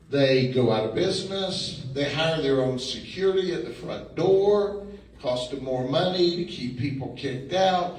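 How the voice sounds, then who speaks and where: A man's voice: fairly high pitch, a little mellow. A middle-aged man with a drawl tells down-home stories to a room, mimicking the people in them and chuckling along. He sounds far from the mic in a very echoey space, with a faint hum underneath. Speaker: sheriff giving a talk. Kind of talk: folksy storytelling speech. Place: meeting room.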